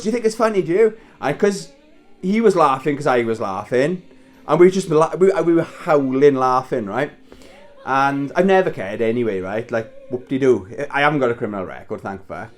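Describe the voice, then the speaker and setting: A man's voice: mid-range voice, animated, moderate pace. A man in his thirties casually telling a story while wrapping presents, swearing and chuckling as he talks. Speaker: vlogger. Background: Christmas music playing faintly.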